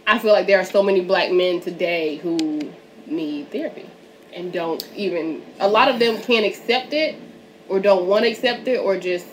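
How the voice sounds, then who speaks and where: A woman's voice: lowish voice, moderate pace, a little hiss or hum. A woman hosting a casual podcast chat, talking candidly, swearing and laughing often. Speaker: podcast host.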